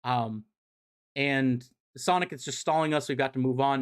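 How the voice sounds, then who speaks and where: This streamer has a mid-range, steady, clean-sounding voice and speaks at a moderate pace. Through his streaming mic, he wanders through a casual recap of a comic series, swearing freely and filling gaps with lots of ums and likes.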